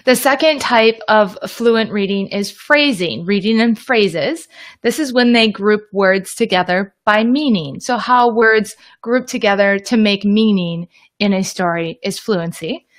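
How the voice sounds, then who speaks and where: A woman's voice: mid-range voice, unhurried. A woman hosting a live online teaching session, explaining reading skills in an upbeat, chatty way and greeting viewers by name. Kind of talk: casual teaching livestream.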